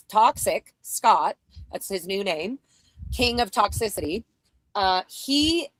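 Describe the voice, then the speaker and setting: A woman's voice: on the high side, fairly bright tone, no echo, rough recording. A woman hosting a casual livestream talk, speaking bluntly and emotionally, with plenty of swearing and rambling asides. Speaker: show host.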